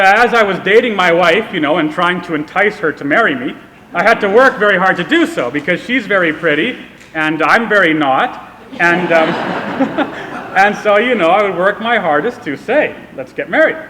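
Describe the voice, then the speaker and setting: A man's voice: high voice, sharp tone. A young man from Canada giving a public speech, telling a humorous, self-deprecating story. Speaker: speaker. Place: event hall. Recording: echoey hall with long reverb.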